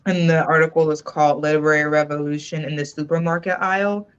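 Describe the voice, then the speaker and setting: Low-voiced chatty woman in her twenties. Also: fairly even intonation, clean tone, lo-fi sound. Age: 20s. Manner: chatty and teasing, with drawn-out words. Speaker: host of a reading livestream. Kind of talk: casual chat with a co-host.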